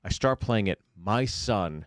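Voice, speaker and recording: A man co-hosting a podcast in casual chat, relaxed and halting, often restarting his sentences. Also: fairly low pitch, dry recording, clean studio sound. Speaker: podcast co-host.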